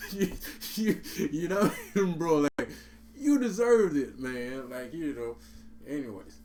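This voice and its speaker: A man's voice: a little high, expressive, very slow, a little mellow. A man telling a story in a casual, profane, streetwise way, laughing often and saying bro and man. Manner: repeats and restarts words. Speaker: vlogger.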